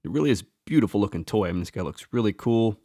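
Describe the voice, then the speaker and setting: A man casually talking through a toy figure as a reviewer, relaxed and enthusiastic, thinking aloud as he points out details. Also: fairly low pitch, very fast, dry recording, studio quality. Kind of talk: casual show-and-tell commentary.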